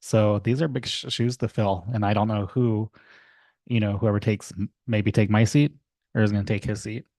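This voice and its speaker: Man, mayor, low voice, dry sound, emotional, rambling, lots of fillers, council chamber desk mic. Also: steady tone, moderate pace, darkish tone, no room sound. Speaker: mayor chairing a city council meeting. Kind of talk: council meeting remarks.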